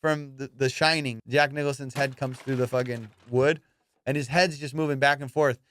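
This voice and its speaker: A man's voice: mid-range voice, normal speed. A man hosting a podcast, telling a wild story in casual chat, swearing freely and acting out his friends' lines. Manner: profane, animated storyteller who acts out friends' lines. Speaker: podcast host.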